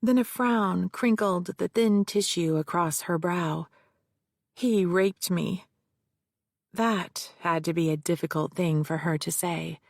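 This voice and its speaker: Woman narrator, low gravelly tone, dry close mic, measured first-person read. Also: fairly even intonation, no room sound. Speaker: audiobook narrator.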